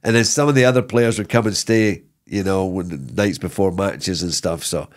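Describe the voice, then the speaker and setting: A middle-aged man, a former footballer, telling stories in a casual interview, rambling and animated with many restarts. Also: low-pitched, moderate pace. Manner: animated, rambling, lots of repeated starts and "you know what I mean".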